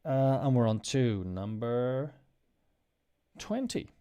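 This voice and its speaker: A man's voice: medium pitch, very animated, slow pace, dark tone, clean tone. A man teaching English in a casual spoken lesson. He explains patiently and repeats example phrases with strong intonation. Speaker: podcast host.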